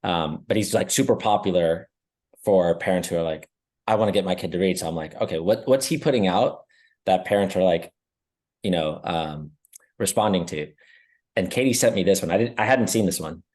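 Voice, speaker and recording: Halting, laughing male podcast co-host. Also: low-pitched, a little mellow. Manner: laughs often, halting restarts. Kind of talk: casual chat.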